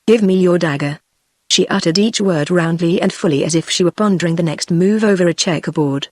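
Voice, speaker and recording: A text-to-speech voice of a woman with a British accent, narrating an audiobook in an even, measured way. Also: lowish voice, no room sound, studio quality. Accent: British English. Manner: even, measured synthetic delivery.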